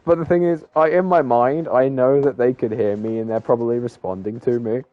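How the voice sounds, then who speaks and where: A man's voice: mid-range voice, steady tone, brisk, no echo, phone-quality sound. A man giving casual, rambling commentary on a sim race, joking and talking to the drivers.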